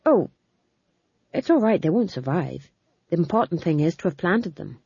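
A woman voicing an anxious, quick-witted male court jester who talks eagerly to please, in a dull lo-fi recording. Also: fairly low pitch, sing-song, creaky, mellow, husky, no echo, exaggerated voice. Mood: placating. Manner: nervous, eager to please, talks fast when cornered.

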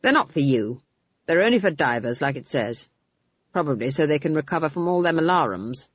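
A woman reading an audiobook, voicing a stern, dry-tongued old witch in a low voice. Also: sing-song, fairly quick, husky, dry recording, lo-fi sound, full character voice.

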